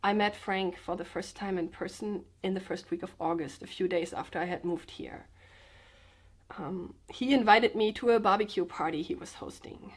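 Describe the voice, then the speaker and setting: A sick woman vlogger talking in a subdued, slightly sedated way, halting and restarting as she speaks from the floor at home. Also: mid-range voice, slightly rough. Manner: halting, hesitant, with many restarts. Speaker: comedian and vlogger. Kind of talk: personal confessional vlog. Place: indoors, sitting on the floor with pillows.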